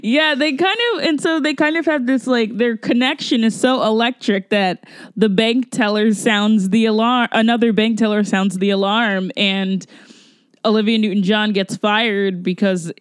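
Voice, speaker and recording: A woman's voice: fairly high pitch, steady tone, normal speed, clear, resonant tone, no room sound, studio quality. Rambling, exasperated woman podcast co-host. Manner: rambling, exasperated, many fillers. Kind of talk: casual movie review chat.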